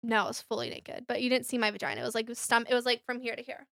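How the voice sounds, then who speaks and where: A woman's voice: on the high side, lively intonation, racing, gravelly, a bit bright, no echo, clean studio sound. A young woman telling candid stories in a casual chat. She fills her talk with fillers and acts out what others said. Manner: candid storytelling, acts out quoted voices, many fillers. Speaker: podcast co-host.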